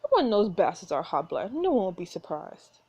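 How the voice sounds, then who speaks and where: A woman's voice: medium pitch, big pitch swings, a little fast, dark tone, breathy edge, highs cut off. A woman reading aloud the lines of a smug, menacing aristocratic duke in a story game, with a leering, taunting delivery.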